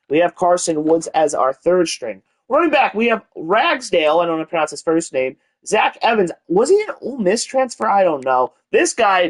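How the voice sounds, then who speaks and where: Guy rambling thru his football game rebuild, lots of "i dont know", then goes full announcer voice. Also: sits high. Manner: rambling, unsure asides, mock-announcer hype. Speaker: video game channel host. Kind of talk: casual gameplay commentary.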